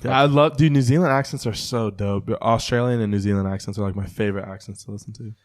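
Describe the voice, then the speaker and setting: Male co-host, lowish voice, upbeat and rambling casual talk. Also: quick pace. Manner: chatty, filler-heavy, enthusiastic. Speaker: podcast co-host. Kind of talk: casual chat.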